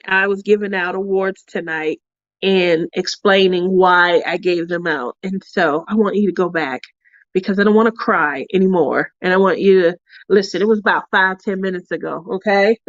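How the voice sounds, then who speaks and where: A middle-aged woman hosting a crafting vlog, telling chatty stories with frequent laughter and animated retellings. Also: a little high, no room sound. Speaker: crafting channel host. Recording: dull lo-fi sound.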